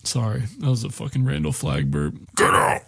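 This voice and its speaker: Guy rambling on a movie podcast, cussing a lot, gravelly voice, dead dry sound. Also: medium pitch, wildly swooping pitch, moderate pace, darkish tone, no echo. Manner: profane, rambling, joking. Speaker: podcast host. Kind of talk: casual movie recap podcast.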